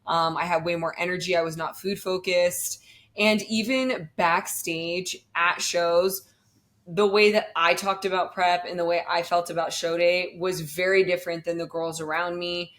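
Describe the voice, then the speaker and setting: A woman's voice: lowish voice, fairly even intonation, normal speed, fairly bright tone. A young woman talking casually about her bodybuilding prep, chatty and full of fillers. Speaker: bodybuilding competitor, guest. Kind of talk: casual podcast chat.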